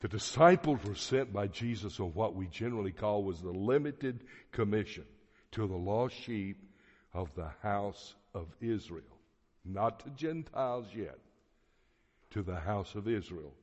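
Slow-preaching man in a reverberant hall. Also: lowish voice, expressive, a little mellow. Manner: slow, deliberate teaching with emphatic phrases. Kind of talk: sermon. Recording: dull audio with long hall reverb.

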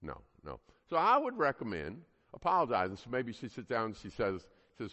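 A man's voice: medium pitch, wildly swooping pitch, a little fast, few pauses, bright, forceful tone. A man teaching a parenting class to a live group, earnest and emphatic, often putting questions to the audience. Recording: long hall reverb.

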